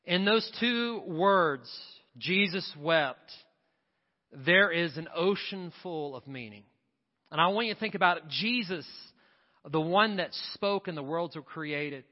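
A man with a high, bright-edged voice preaches an impassioned sermon, piling up repeated refrains as he builds. The sound is dull and muffled, with a long reverb trailing off the church walls. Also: expressive, unhurried. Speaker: pastor. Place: church sanctuary.

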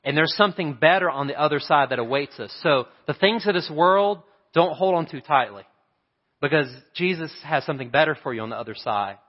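A male pastor delivers an Easter sermon from the pulpit, asking his congregation for amens. He slows down to stress key phrases. His voice rings through a large reverberant hall on a dull, muffled recording. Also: on the high side, animated. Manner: preachy, calls for amens, slows for emphasis. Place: church sanctuary. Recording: dull reverberant church sound.

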